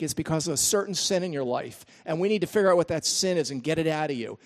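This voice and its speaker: An older man preaching a sermon, animated and emphatic, with chatty asides about his grandchildren. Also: on the high side, fast talker, hardly any pauses. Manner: animated, rising to emphatic peaks then dropping to asides. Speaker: pastor.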